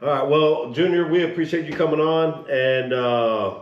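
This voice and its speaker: A man hosting a podcast, wrapping up in relaxed, casual talk and swearing easily. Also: fairly high pitch, moderate pace, muffled recording. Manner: relaxed, profane. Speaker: podcast host. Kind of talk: casual chat. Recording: echoey room.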